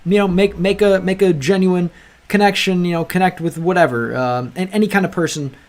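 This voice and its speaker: A man's voice: sits high, a little fast. A young man hosting a language-learning livestream, chatting casually with viewers and rambling with lots of restarts. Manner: rambling, restarts often, calls viewers bro. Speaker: livestream host. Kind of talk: casual chat with live chat.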